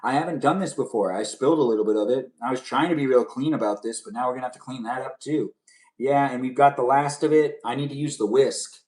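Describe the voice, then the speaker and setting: A young man chats loosely while he cooks on a live stream, wandering from thought to thought and answering viewers aloud. His voice sits at an ordinary middle pitch. It comes through a touch distant, as if the mic sits somewhere across the kitchen. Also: fast talker, a little mellow. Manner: rambling, chatty, answers viewers' comments aloud. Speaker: live streamer making pudding. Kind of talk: casual live-stream chat while cooking. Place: home kitchen.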